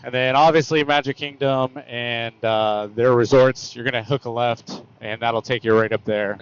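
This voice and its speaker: A man's voice: mid-range voice, steady tone, moderate pace, hardly any pauses, clean tone, lo-fi sound. A man chatting casually while riding a motorcycle, rambling and correcting himself with plenty of fillers. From United States. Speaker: motorcycle vlogger. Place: on a motorcycle on open roads.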